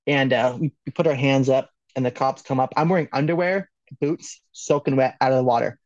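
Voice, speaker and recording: A man's voice: mid-range voice, fairly even intonation, brisk, a little mellow, dry recording, highs cut off. Joking, laughing man telling a story. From Los Angeles, California. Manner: laughs often, loose and joking, swears, many "like"s. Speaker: podcast guest. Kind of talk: casual storytelling.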